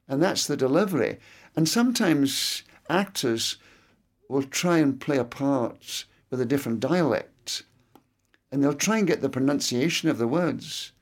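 An older man speaks in crisp, carefully enunciated English that carries a faint Scottish lilt. His voice has a gravelly edge of fry, and he talks in a reflective, anecdotal way, as a guest in an interview. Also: medium pitch, darkish tone. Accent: faint Scottish inflection in educated English. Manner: articulate, precise diction, anecdotal. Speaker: interviewee, veteran entertainer.

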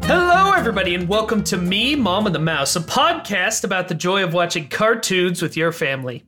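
This young man co-hosts a podcast and talks in a loose, joking way, tossing off asides. His voice swings up and down a lot, with a bright, forward tone that lands each punchline. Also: high-pitched, soft background music. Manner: jokey, animated, quick asides. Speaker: podcast co-host. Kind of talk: casual podcast chat.

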